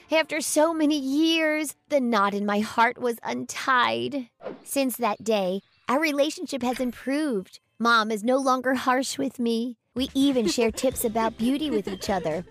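A woman with a high voice reads a first-person tale with dramatic, emotive expression. Soft music plays faintly behind her narration. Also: measured pace. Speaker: storyteller.

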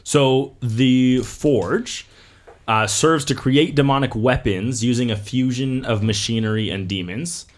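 A man's voice: mid-range voice, moderate pace, hardly any pauses. A man co-hosting a casual podcast, explaining lore with dry, teasing asides. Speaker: podcast co-host. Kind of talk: casual chat.

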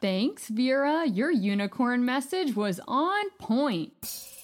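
A woman hosting a children's story show, narrating in a gentle, playful and upbeat way. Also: high-pitched, very animated, slow pace, over music.

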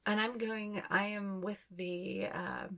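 Woman, podcast host, unhurried dreamy delivery, gravelly fry, lowish voice. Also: fairly even intonation, a bit bright. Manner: slow, dreamy, describing inner visions. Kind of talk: spoken channeling session.

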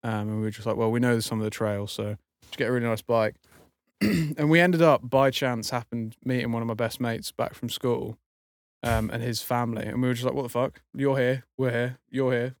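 A man's voice: mid-range voice, level tone, brisk, no echo. A young man, a podcast co-host, telling a rambling story in casual chat, full of fillers and swearing.

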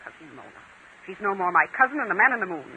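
An actress playing a cold, haughty heiress who talks in a sharp, dismissive, imperious way, in 1940s radio style. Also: female voice, medium pitch, lively intonation, racing, slight background noise. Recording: tinny lo-fi old radio broadcast.

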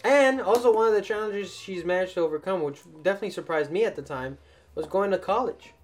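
A young man hosting a casual podcast, telling stories in an animated way and jumping into loud mock voices. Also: high voice, quick pace, faint music behind. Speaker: podcast host.

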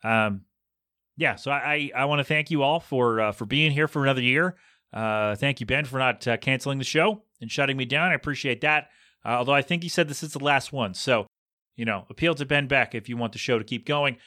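Male solo podcast host, bright voice, casual rambling banter. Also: medium pitch, brisk, dry recording, clean studio sound. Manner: chatty, jokey, rambling.

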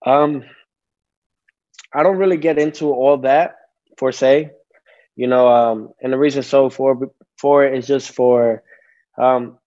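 A man in his twenties answering interview questions over a video call, halting, with many fillers and restarts. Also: mid-range voice, fairly even intonation, a little mellow, muffled recording. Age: 20s. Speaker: interview guest, athlete.

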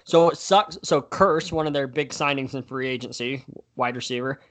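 A man's voice: mid-range voice, normal speed, fairly bright tone. Man, podcast co-host, casual sports chat, chatty, self-correcting.

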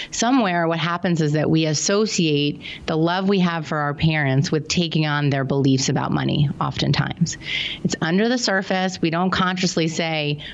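A woman's voice: on the low side, highs cut off. A woman guest on a podcast, a money coach telling client stories in an earnest, casual way. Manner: earnest, anecdotal, acts out quotes. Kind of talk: casual interview storytelling.

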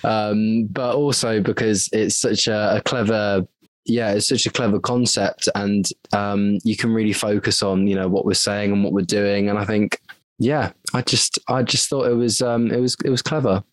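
Hesitant low-voiced man, dry sound. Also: steady tone, normal speed, no echo. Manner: hesitant, full of ums and restarts. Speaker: voice actor. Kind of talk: casual interview chat.

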